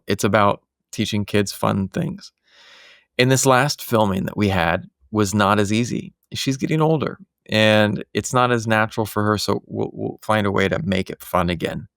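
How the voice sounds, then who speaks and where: Low gravelly guy on a podcast, earnest and reflective, dry close sound, talking from his home office. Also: a bit bright, no room sound. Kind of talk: casual podcast conversation.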